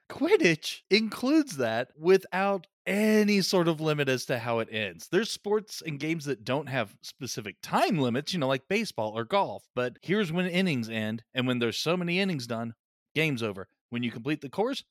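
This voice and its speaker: A man in casual podcast chat, ranting with animated swearing about films and sport. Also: a little high, normal speed, dry recording, clean studio sound.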